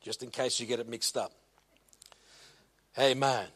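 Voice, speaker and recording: A man preaching a sermon with emphatic, drawn-out phrases that build to shouted peaks, with a slight cough. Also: medium pitch, fairly even intonation. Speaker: pastor. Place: church hall. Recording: long hall reverb.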